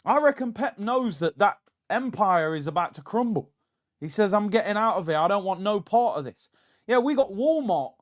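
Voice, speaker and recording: A man hosting a fan live stream, reading viewer messages in an excitable, slangy way. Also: high voice, dull audio. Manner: excitable and slangy, fast shifts between calm and fired-up. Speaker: fan channel host.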